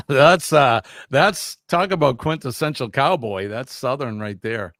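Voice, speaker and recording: A man's voice: mid-range voice, expressive, a little slow, few pauses, bright, forceful tone, no echo, clean studio sound. A man hosting a casual live stream, chatty and upbeat, reading out viewer comments during a quiz.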